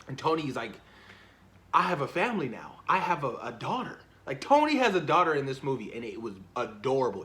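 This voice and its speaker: A man talking casually and excitedly about a film he loved, swearing often and repeating himself as he gets carried away. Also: medium pitch. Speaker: movie reviewer. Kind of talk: casual spoiler talk.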